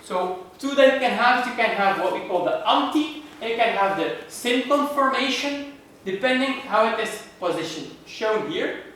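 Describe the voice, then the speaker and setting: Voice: mid-range voice, lively intonation, normal speed, fairly bright tone, very echoey, recorded from a distance, a little hiss or hum, poor audio. A lecturer giving a university lecture, explaining step by step and asking the class rhetorical questions.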